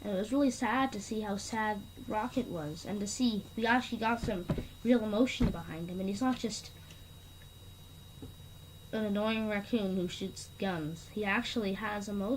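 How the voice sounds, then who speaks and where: A woman's voice: mid-range voice, normal speed, a little hiss or hum, rough recording. A woman giving casual movie commentary, rambling and earnest, stringing her thoughts together with "and then". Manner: earnest, easily enthused. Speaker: video creator ranking film scenes.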